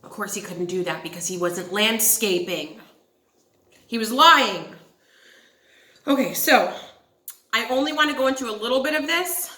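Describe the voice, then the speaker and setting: Young woman, casual storytime vlog, high bright voice, echoey room. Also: moderate pace, long pauses. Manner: animated, swears, addresses viewers as guys. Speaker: channel host telling a story.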